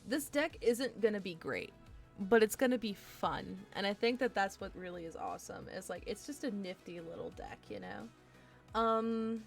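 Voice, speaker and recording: An excitable woman chatting to herself and her stream viewers while she builds a card game deck, with bursts of delight. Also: medium pitch, normal speed, creaky, faint music behind. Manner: excitable, talks to herself while browsing cards. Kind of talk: casual live-stream deckbuilding chat.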